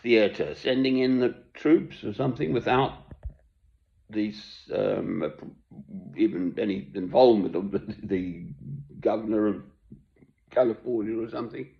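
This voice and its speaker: A man's voice: lowish voice, a little slow, vocal fry, long pauses. An older man giving a rambling, chuckling monologue from home, self-deprecating and meandering. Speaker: online commentator. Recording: dull lo-fi recording.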